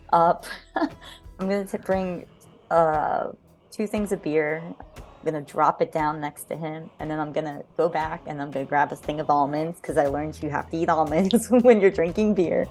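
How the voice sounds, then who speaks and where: A woman's voice: sits low, normal speed, darkish tone, faint music behind. A woman playing a tabletop game, talking in a hesitant, apologetic, giggly way. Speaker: player. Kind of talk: casual tabletop play.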